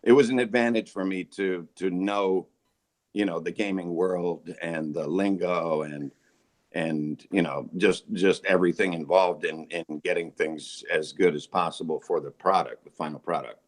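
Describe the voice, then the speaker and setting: A man in his forties, a voice actor and guest, telling stories in a jokey, relaxed way. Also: low voice, normal speed. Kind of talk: casual interview chat.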